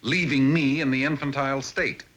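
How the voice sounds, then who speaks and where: A man's voice: medium pitch, steady tone, normal speed, fairly bright tone, natural voice, rough recording. A man voicing a Martian turned into an infant who keeps his haughty adult mind and speaks in a lofty, formal, condescending way. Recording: faint hiss of old TV soundtrack.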